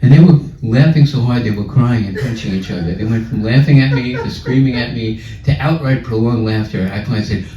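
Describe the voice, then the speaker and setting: A man telling a humorous story in a spiritual talk, animated, laughing often and acting out scenes. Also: mid-range voice, fairly quick, few pauses. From New York. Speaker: spiritual speaker. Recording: echoey room, far and dull.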